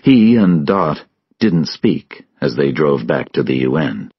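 Deep, slow male audiobook reader, husky, lively pitch; muffled dry recording. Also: dry recording. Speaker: audiobook narrator. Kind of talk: scripted story narration for English learners.

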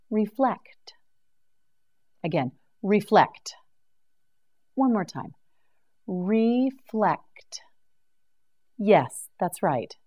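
Very slow, deliberate woman teacher. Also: fairly low pitch, a little mellow. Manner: slow, carefully articulated, repeats words for practice. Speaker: English vocabulary teacher. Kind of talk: slow scripted vocabulary drill.

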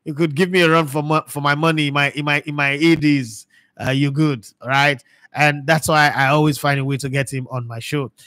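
A man with a Nigerian accent hosting a sports talk show, talking in a lively, emphatic way and often repeating words. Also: a little high, brisk, dry recording, clean studio sound.

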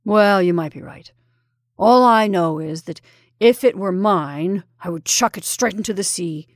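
A woman voicing a gruff, blunt older male army colonel. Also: medium pitch, measured pace, dry recording, studio quality, lightly acted. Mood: blunt warning.

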